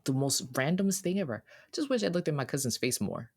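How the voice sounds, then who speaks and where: A man's voice: medium pitch, very animated, a little fast, creaky. A man co-hosting a podcast, talking in an earnest, heartfelt way, often restarting his sentences. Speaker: podcast co-host. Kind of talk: casual reflective podcast talk.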